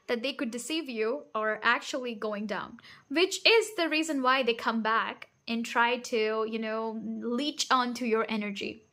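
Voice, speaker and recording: A woman reading tarot cards for her viewers, speaking straight to them in a direct, reassuring way. Her voice sits a little high, and she keeps checking in with "okay?" and laughs at her own bluntness. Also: sharp tone. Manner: laughs often and is openly blunt. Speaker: tarot reader. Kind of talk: pick-a-card tarot reading.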